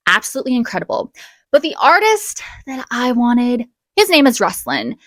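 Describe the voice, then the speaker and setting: A woman's voice: a little high, no room sound. Chatty young woman vlogger, dry sound. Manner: chatty and animated, quick bursts and gasps. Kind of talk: casual storytime vlog.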